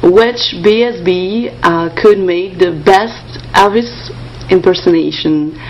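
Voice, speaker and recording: A woman's voice: fairly low pitch, slow pace, highs cut off. A woman from Belgium, a fan, hesitantly asking a band a question in a video message. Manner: hesitant, with many fillers.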